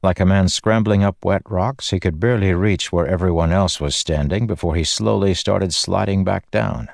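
Deep-voiced man narrating an audiobook. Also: normal speed, creaky, darkish tone, dry recording, clean studio sound. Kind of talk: scripted narration.

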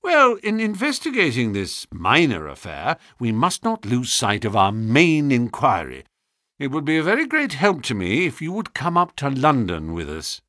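A man reading aloud, voicing a keen, commanding detective with crisp, intense speech in a storybook. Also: mid-range voice, wildly swooping pitch, moderate pace, sharp tone, no room sound, clean studio sound. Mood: intent.

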